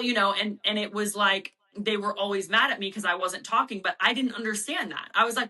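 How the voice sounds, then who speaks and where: A woman's voice: medium pitch, fairly even intonation, fairly quick, few pauses, pushed and bright, rough recording. A middle-aged woman, a volleyball coach, talking casually as an interview guest and acting out quotes from players and coaches in her own voice.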